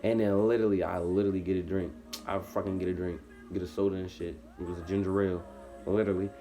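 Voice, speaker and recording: A young man telling a true story in casual, slangy talk full of repeated fillers, acting out his own past lines in a much higher, louder, slower voice. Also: level tone, soft background music. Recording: faint background noise.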